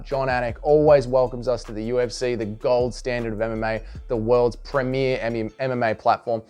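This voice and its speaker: A man hosting his own channel, giving casual opinion commentary in an animated, emphatic way. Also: mid-range voice. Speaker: host and commentator.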